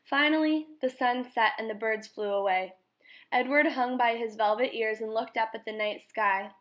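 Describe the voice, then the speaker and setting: A woman reads a children's novel aloud as a storybook read-aloud, measured and expressive. Her voice is a little high for a woman, and she reads calmly and clearly.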